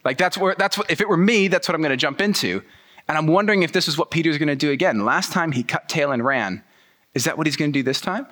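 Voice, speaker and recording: A man telling a sermon story in the first person, animated and using casual slang. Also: fairly high pitch. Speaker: pastor.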